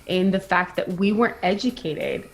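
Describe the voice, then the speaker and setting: A woman's voice: medium pitch, moderate pace. A woman who is a pastor, speaking reflectively and earnestly in a podcast conversation, telling of her experience. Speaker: pastor, guest.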